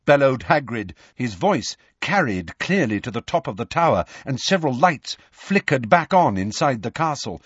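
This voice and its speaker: Husky, expressive male audiobook narrator. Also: medium pitch, dry recording. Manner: measured, expressive reading. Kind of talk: scripted narration. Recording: dull, slightly lo-fi studio recording.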